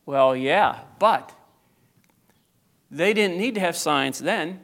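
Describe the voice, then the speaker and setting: A man preaching a sermon and reading scripture aloud, building from slow teaching to loud, fervent preaching. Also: fairly high pitch, lively intonation, gravelly. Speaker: pastor.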